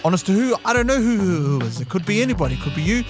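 A man's voice: high voice, very animated, rapid-fire. A man from New with a playful, half-sung delivery, reading a podcast trailer in a put-on trailer voice. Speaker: podcast host doing a trailer. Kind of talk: sing-song trailer voice over music. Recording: music playing behind.

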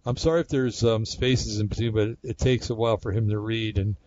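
A man's voice: lowish voice, fairly even intonation, a little fast, a little mellow, lo-fi sound. A man hosting a casual solo talk show, rambling conversationally with many fillers and restarts. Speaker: podcast host.

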